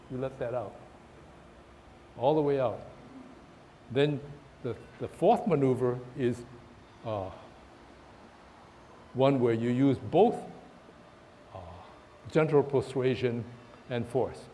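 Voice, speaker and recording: A man teaching a tai chi class in a park, talking haltingly with many restarts while he demonstrates the moves. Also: medium pitch, mellow, a little hiss or hum. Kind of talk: outdoor class instruction. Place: park, outdoors.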